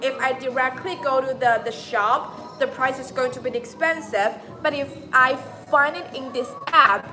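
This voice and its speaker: Bright-voiced woman chatting on a livestream. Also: high voice, normal speed, few pauses, faint music behind. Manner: chatty, addresses viewers directly. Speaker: livestream host of a beauty channel. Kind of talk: casual livestream chat.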